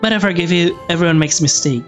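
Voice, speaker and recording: A man's voice: a little high, fast talker, soft background music, close to an everyday voice. A man voicing an eerily sweet, forgiving friend. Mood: soothingly sweet.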